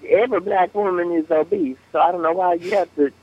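A man's voice: high voice, expressive, a little fast, dry recording. A man voicing a brash, sassy woman who gives blunt advice in a bossy, scolding way. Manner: bossy, scolding, talks over people. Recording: tinny phone line.

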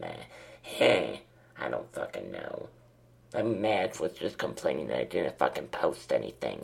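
A man playing a crude, foul-mouthed twenty-five-year-old woman smoker who hosts a call-in comedy show, insulting and profane, with a gravelly smoker's rasp. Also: a bass voice, heavily acted.

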